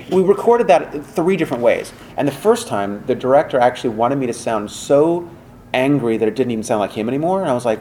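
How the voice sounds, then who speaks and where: Speaking a little fast in a mid-range voice, a male voice actor guest chats through an interview, acting out quotes in animated stories laden with fillers. A slight hiss or hum sits under the audio.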